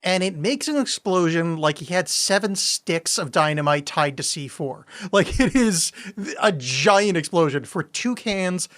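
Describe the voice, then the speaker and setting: A man's voice: fairly high pitch, lively intonation, a little slow, hardly any pauses, fairly bright tone. A man co-hosting a podcast, talking enthusiastically about a movie and swearing freely. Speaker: podcast co-host. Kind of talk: casual chat.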